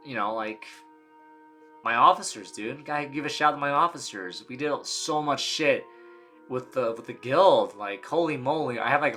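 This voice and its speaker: A man's voice: medium pitch, pushed and bright. A man casually recalling old gaming days, rambling and slangy as he reads old posts aloud. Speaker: gaming video creator. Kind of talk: casual nostalgic retrospective.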